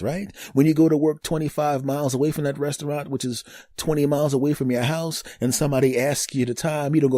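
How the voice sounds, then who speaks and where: A fifty-year-old man hosts his own comedy podcast solo, riffing, acting out mock dialogue in bursts, and laughing at his own jokes. His voice is a little high, he talks fast with hardly any pauses, and there's no echo.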